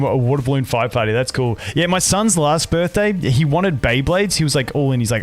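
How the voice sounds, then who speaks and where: A man's voice: medium pitch, animated, quick pace. Australian male streamer in his thirties, loose rambling chat to viewers, faint music underneath. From Canada, raised in Australia. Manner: rambling, chatty, frequent "like" and "dude". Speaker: gaming streamer. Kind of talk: casual chat with live chat.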